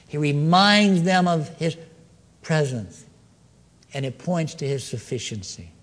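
An animated male preacher whose pitch leaps high and sinks low as he preaches. His voice sits a little high for a man and rings out with a long hall reverb. He swings from loud, excited lines to hushed, slow ones. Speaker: pastor. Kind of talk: sermon.

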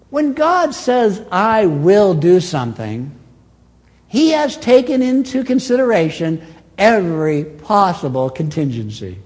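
A man preaching a sermon as pastor, with dramatic swings between loud and soft and quick and slow. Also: on the high side, big-room sound. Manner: animated preaching with dramatic swings in loudness and pace.

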